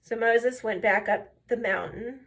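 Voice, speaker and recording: A woman's voice: fairly high pitch, measured pace, gravelly. A woman chatting casually while doing her makeup, telling stories and talking through each step. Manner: chatty storyteller, drifts between tangents; step-by-step tutorial talk. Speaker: makeup and faith vlogger.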